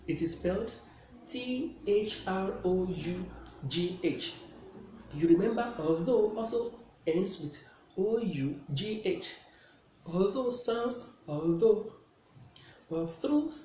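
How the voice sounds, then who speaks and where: A man's voice: high voice, mellow. Male teacher in an echoey room. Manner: checks in often with "okay?". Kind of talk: classroom pronunciation lesson. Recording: echoey room with faint noise.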